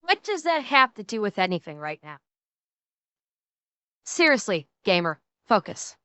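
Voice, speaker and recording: A woman's voice: mid-range voice, very animated, unhurried, bright, forceful tone, smooth, no room sound. A woman co-hosting a reaction stream in casual chat, blunt and profane, often restarting her sentences.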